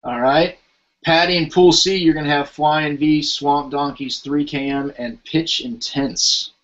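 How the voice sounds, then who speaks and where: A man's voice: fairly high pitch, steady tone, a little slow, a bit bright. Podcast host, man, chatty, reads out team lists, dull lo-fi audio. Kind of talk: casual podcast chat.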